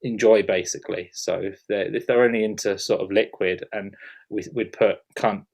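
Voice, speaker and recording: Brief: male producer, casual interviewer, low register, stop-start delivery. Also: steady tone, normal speed, creaky, darkish tone. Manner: hesitant, many fillers and restarts.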